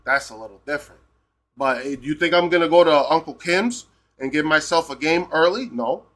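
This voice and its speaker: Profane ranting male streamer, higher voice. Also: animated, brisk, fairly bright tone. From United States. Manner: profane, repeats "right?" constantly, heated. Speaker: live streamer. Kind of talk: heated live-stream rant.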